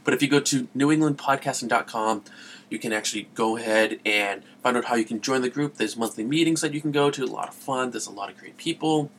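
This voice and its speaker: Gravelly-voiced male podcast host. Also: medium pitch, quick pace, a bit bright, a little hiss or hum. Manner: rambling, easily sidetracked, laughs at himself. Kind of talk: casual podcast talk.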